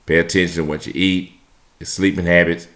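A man's voice: low voice, level tone, a little fast, fairly bright tone. A man giving a motivational talk about following your dream, earnest and direct, repeating key phrases for emphasis. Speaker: motivational speaker.

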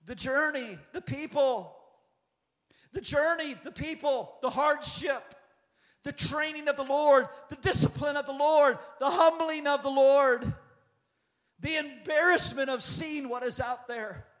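Man, 50s, pastor, prophetic sermon, strikingly high pitch, impassioned repeating phrases. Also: a little slow, fairly bright tone. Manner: impassioned, repetitive preaching cadence.

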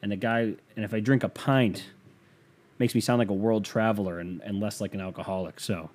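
A man's voice: fairly low pitch, fairly even intonation, fairly quick, darkish tone. A young man rambling through a joking, self-mocking casual rant as a vlogger.

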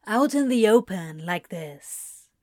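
A woman voicing a sardonic male demon who talks in flat, blunt mutters. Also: medium pitch, takes it slowly, no echo, clean studio sound. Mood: curt.

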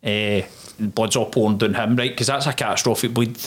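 A man's voice: fairly low pitch, moderate pace. A man, a former soldier telling his story in a casual interview and acting out the voices of those involved. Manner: animated storyteller, acts out quoted dialogue, swears.

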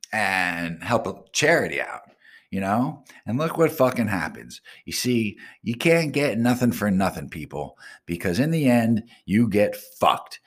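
A middle-aged man with a low voice tells a story in a profane rant, swinging widely in pitch as he gets worked up. He talks like a brash radio host, swearing freely and playing to his listeners. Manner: brash, swearing, animated rants.

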